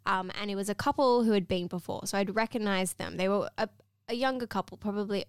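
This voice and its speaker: A woman's voice: mid-range voice, fast, clean tone, no room sound. Teasing woman, dry close sound. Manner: teasing, giggly. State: hungover. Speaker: podcast co-host. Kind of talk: casual chat.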